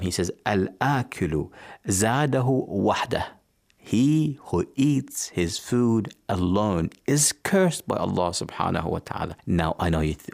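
A man with a low, gravelly voice gives a religious talk on the radio. He tells stories at a measured pace and turns often to his listeners, as if speaking to each one. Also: darkish tone. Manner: measured, storytelling, addresses listeners directly.

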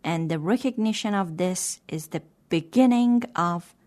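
A woman hosting and reading a moral story aloud in a gentle, measured way. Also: on the low side. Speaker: storyteller and host. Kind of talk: scripted story narration.

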